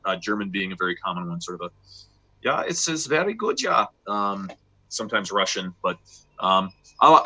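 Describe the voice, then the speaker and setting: A man's voice: low-pitched, sharp tone, low-quality recording. A man running an online tabletop game who rambles along with lots of fillers. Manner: rambling, many fillers, laughs easily. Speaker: game master.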